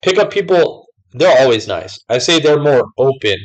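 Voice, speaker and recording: A man's voice: mid-range voice, lively intonation, normal speed, rough recording. A young man vlogging casually, rambling with lots of filler words as he tells what has happened lately. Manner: rambling, many fillers like "like" and "whatever". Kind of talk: casual talk to camera.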